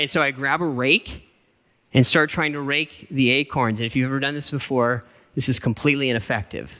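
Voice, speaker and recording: A middle-aged man, a pastor, telling a story in a casual, self-deprecating, animated sermon in a church. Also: medium pitch, big-room sound. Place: church auditorium.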